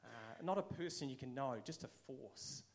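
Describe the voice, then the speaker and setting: A man's voice: medium pitch, normal speed. A man with a New Zealand accent giving a casual, conversational sermon, now and then acting out quoted voices. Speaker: preacher.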